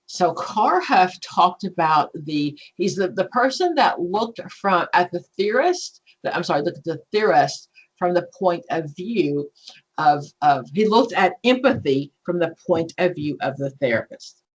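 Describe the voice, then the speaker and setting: A woman, teaching an exam prep class in a chatty, animated way. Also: fairly low pitch, a little slow, breathy edge, low-quality recording. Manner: chatty and animated, acts out client scenarios. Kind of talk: live online class lecture.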